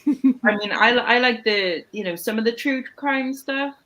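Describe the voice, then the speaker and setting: A woman chatting from home in the evening, cheeky with deadpan jokes. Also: fairly high pitch, a little slow, a little hiss or hum, poor audio. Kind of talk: casual chat.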